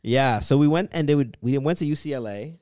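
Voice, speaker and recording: A man's voice: medium pitch, a little fast, a little mellow, no room sound. A young man co-hosting a podcast, joking and poking fun at himself in a casual chat. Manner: joking, self-mocking. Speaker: podcast co-host.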